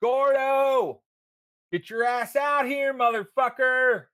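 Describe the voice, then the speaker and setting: A man voicing a drunk, angry thug shouting from the street. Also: extremely high pitch, fairly even intonation, takes it slowly, voice pushed up, heavily acted. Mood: drunk yelling. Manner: yelling, slurred.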